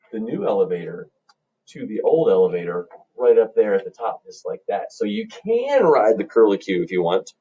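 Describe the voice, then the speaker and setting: A man teaching music by telling a playful story to children, in an animated storyteller manner. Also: mid-range voice, breathy edge, distant mic. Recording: dull lo-fi recording.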